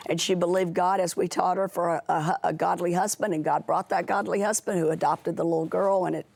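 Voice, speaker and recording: A woman with a low-set, gravelly voice tells an earnest story as a guest on a faith talk show. She slips into the voices of the people she quotes as she goes. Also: fairly even intonation, a little fast, darkish tone. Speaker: ministry founder and author, guest. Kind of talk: testimony on a Christian talk show.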